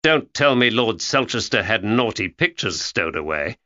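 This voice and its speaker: Man playing a dry, wry gentleman in an everyday voice. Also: fairly low pitch, sing-song, normal speed, dull audio.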